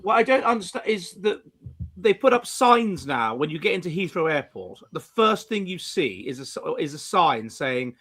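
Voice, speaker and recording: A middle-aged Englishman hosts a relaxed live-stream chat, speaking with animation at a moderate pace in a high-pitched voice. He restarts his sentences often and slips into playful mimicry.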